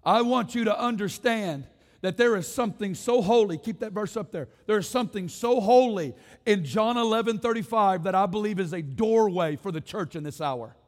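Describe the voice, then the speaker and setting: A man's voice: high voice, moderate pace, long reverb tail. A man preaching a sermon to a congregation in a church, building passionate, repetitive rhetorical runs and calling on the room to respond. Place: church sanctuary.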